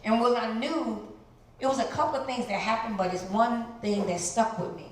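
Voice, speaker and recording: A middle-aged woman from the Chicago area giving an animated testimony as a guest speaker in a church, jumping into high voices to act out what people said. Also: moderate pace. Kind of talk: testimony sermon. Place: large church hall. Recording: very echoey church hall, some noise.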